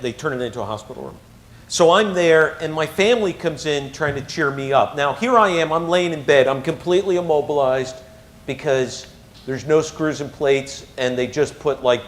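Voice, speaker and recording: A man telling a personal story to an audience, swinging between hushed moments and excited ones. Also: medium pitch. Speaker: motivational speaker.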